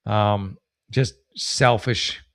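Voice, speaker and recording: A man hosting a casual comedic commentary show, rambling and self-mocking, with many restarts and drawn-out punchlines. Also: on the low side, fairly even intonation, fairly bright tone. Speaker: host.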